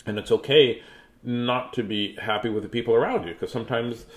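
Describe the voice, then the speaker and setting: A man's voice: medium pitch, a little fast. A chatty, playful man reading a picture book to children at home. His voice sits in an ordinary middle range, and his talk rambles easily before he breaks into sing-song rhymes.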